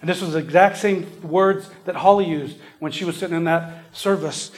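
A man preaching a sermon in a church, earnest and repetitive, falling to a near whisper before swelling loud again. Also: on the high side, steady tone, normal speed, hardly any pauses. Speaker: pastor. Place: church service.

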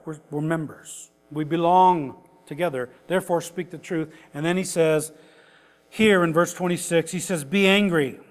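An older male pastor with a high voice preaches in a folksy, chatty way, chuckling between points before pressing hard on them. His voice carries a long hall reverb. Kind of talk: conversational sermon.

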